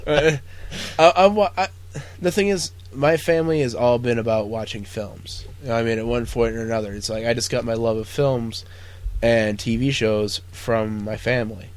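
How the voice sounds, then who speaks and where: A man's voice: mid-range voice, moderate pace. Rambling, profane male podcast host. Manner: rambling, profane, lots of fillers. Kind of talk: casual chat.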